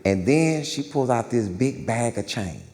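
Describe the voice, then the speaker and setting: A man's voice: mid-range voice, lively intonation, a little slow, darkish tone, big-room sound. A male stand-up comedian telling a story on stage, loose and slangy, checking in with the crowd.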